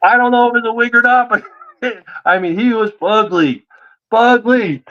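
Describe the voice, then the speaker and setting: A man telling a story in a casual interview, animated and acting out the voices of the people he quotes. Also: very high-pitched, moderate pace, highs cut off. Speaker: guest.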